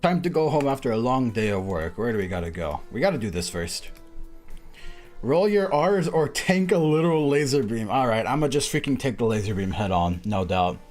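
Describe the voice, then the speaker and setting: A man streaming a game, chatting casually in a rambling way, full of fillers and quick laughs. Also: medium pitch, big pitch swings, a little mellow, faint music behind. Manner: rambling, filler-heavy, laughs often, says "bro" and "freaking". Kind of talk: casual live-stream chat while playing.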